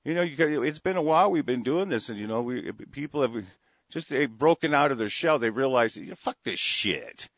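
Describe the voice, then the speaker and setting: A man's voice: medium pitch, a little fast, no room sound, dull audio. Angry profane man ranting. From United States. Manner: angry, profane, repetitive with frequent restarts. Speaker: political commentator. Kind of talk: ranting monologue to an audience.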